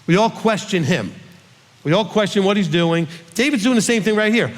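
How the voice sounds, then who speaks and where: A man's voice: high-pitched, animated, moderate pace, big-room sound. A male rabbi reading scripture aloud and teaching from it, in a conversational way that puts questions to his listeners.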